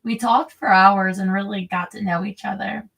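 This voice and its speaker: A woman's voice: mid-range voice, steady tone, normal speed, vocal fry, fairly bright tone. A woman reading a memoir aloud, breaking off into crude, rambling, chatty asides. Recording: voice a bit distant from the mic.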